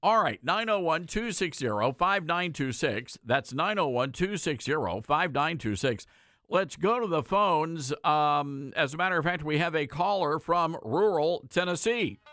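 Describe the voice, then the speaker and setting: A man's voice: a little high, animated, fairly bright tone, no room sound, studio quality. A man hosting a talk radio show, giving sarcastic, indignant commentary and taking calls. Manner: sarcastic, indignant, quick asides.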